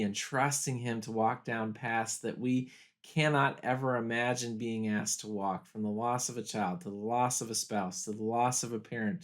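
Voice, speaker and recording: Earnest male pastor giving a study talk. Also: mid-range voice. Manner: earnest, reflective, slows down for quoted lines. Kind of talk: video study guide commentary.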